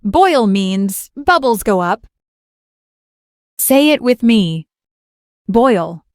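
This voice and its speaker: A woman teaching a slow beginner English lesson, speaking clearly and repeating each word for the learner. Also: on the high side, big pitch swings, darkish tone, no room sound. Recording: dry close voice with faint music. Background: faint background music.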